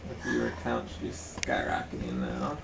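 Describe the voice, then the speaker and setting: A man casually chatting on a home livestream, relaxed and rambling, picked up by a camera mic at home. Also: mid-range voice, moderate pace, vocal fry. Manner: relaxed, rambling, chuckling asides. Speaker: stream caster. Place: home room. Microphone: computer camera mic. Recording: noisy room ambience.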